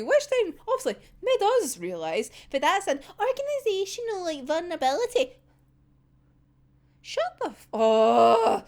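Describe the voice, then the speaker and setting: A young woman vents about a comic chapter in a heated, sweary rant that keeps breaking into laughter. Her voice sits high and swings widely up and down as she gets worked up. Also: huge pitch swings, moderate pace, a little mellow. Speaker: manga reaction vlogger. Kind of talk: ranting chapter reaction.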